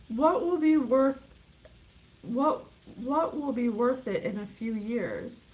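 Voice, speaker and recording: A young woman talks through a psychic reading in an intense, emphatic way. Her voice sits a little high. She sounds worked up as she speaks straight to her listeners. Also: rough recording. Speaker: psychic reader. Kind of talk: channeled reading monologue.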